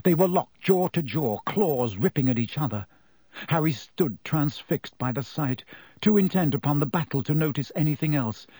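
A man reading an audiobook aloud as narrator, with dramatic shifts between slow and quick delivery. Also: on the high side, lively intonation, dark tone, husky, no room sound. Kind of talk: scripted narration.

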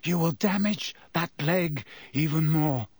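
A man voicing a gaunt escaped male prisoner with a hoarse, croaking voice, slow and menacing. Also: on the high side, darkish tone, no room sound. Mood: quiet menace.

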